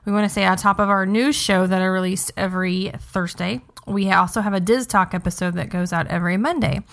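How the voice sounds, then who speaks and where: A woman's voice: mid-range voice, fairly even intonation, fairly quick, gravelly, fairly bright tone. A young adult woman hosting a podcast, chatting in an upbeat casual way with frequent ums. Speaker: podcast host.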